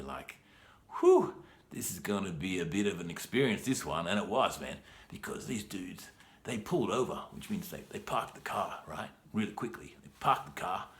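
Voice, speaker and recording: Man, Australian accent, gravelly low voice, lively swings in pitch, rambling casual storytelling. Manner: laid-back, rambling, says "man" and "you know" a lot. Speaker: English teacher.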